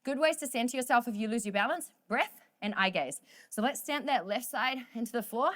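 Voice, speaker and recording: A woman's voice: fairly high pitch, animated, fairly quick, a bit bright. A woman leading a workout class, cheering people on, cracking jokes and counting down the final seconds of each set. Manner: upbeat, joking, counts down reps. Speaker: fitness instructor. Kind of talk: energetic workout coaching.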